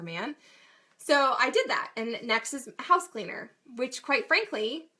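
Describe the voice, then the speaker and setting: Woman, 30s, mom vlogger; bright, slightly high voice, chatty, laughs at herself. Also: very animated, slow pace. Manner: chatty, self-deprecating, laughs often. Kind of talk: casual talk to camera.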